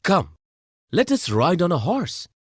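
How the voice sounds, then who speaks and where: A woman voicing a boy in a short grammar dialogue, speaking low and reassuring. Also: sing-song, a little slow, breathy edge, no room sound, clean studio sound, heavily acted. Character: boy on a hill outing, calm and encouraging.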